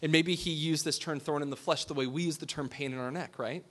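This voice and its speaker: A pastor giving a sermon. He talks in a conversational way, asks his listeners questions and drops to a hush for emphasis. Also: a little high, steady tone, fairly quick.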